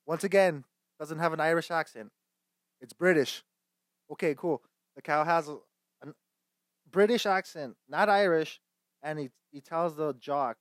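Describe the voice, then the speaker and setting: A man's voice: on the high side, moderate pace, no echo, studio quality. A young man hosting a casual movie chat, swearing often, rambling, and laughing between lines. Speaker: host.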